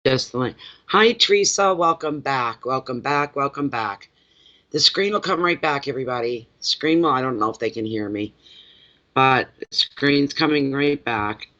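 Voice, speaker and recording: A man's voice: mid-range voice, normal speed, bright, forceful tone, muffled recording. A man who reads tarot cards, chatting casually on a live stream, greeting viewers by name and rambling between readings. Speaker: tarot card reader.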